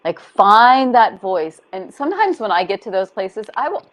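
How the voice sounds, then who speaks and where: A woman body-image coach speaking as a guest in a casual interview over a video call, expressive and compassionate, acting out gentle inner voices. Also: medium pitch, normal speed.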